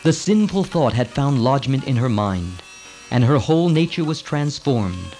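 A man narrating an old tale in a measured, formal storybook reading. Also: mid-range voice, big pitch swings, darkish tone, soft background music, rough recording.

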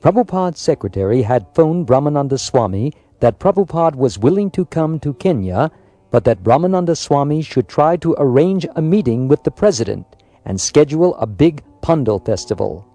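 A man reading a biographical story aloud in a measured, scripted narration. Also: on the high side, sing-song, mellow, no echo. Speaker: audiobook narrator.

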